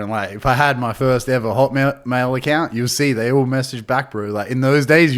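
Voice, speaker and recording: Aussie bloke chatting on a podcast, swears heaps, bro every other line. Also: male voice, medium pitch. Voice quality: swears a lot, says "bro" constantly. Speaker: podcast guest. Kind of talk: casual chat.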